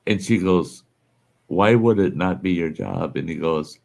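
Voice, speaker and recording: Deep gravelly man telling folksy stories. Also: measured pace, darkish tone. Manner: folksy anecdote teller, laughs at his own stories. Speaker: podcast host. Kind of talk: casual storytelling chat.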